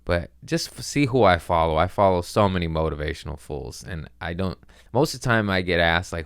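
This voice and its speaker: A man's voice: deep voice, animated, a little fast, vocal fry, clean tone, dry recording, clean studio sound. A man hosting a podcast, rambling through a profane, self-mocking comedic monologue in casual chat. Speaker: podcast host.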